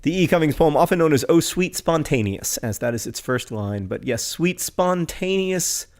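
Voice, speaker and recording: A man co-hosting a podcast, reading poems in a slow, measured way and chatting in quick asides with plenty of fillers. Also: fairly high pitch, lively intonation, a little mellow. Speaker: podcast co-host. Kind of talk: reading poems aloud and casual chat.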